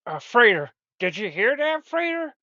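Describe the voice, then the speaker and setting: Rambling, animated male show host. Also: very high-pitched, normal speed, no room sound. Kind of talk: comedic podcast chat. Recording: dull, lo-fi dry recording.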